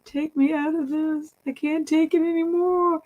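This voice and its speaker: A woman's voice: sits high, steady tone, normal speed, darkish tone, dull audio, pitched above the performer's own voice, natural voice. A woman voicing a pitiful little groundhog creature that begs and whines to be rescued. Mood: pleading. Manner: begging, whiny.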